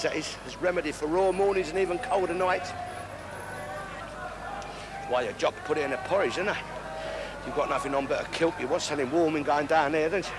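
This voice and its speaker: A man playing a crude, bigoted old Cockney woman who rants in a shrill voice. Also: natural voice. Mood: boozy. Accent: London Cockney. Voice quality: shrill, ranting, coarse. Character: crude London-accented old woman, loud bigoted royal caricature. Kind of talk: comic sketch impression. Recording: noisy old broadcast recording.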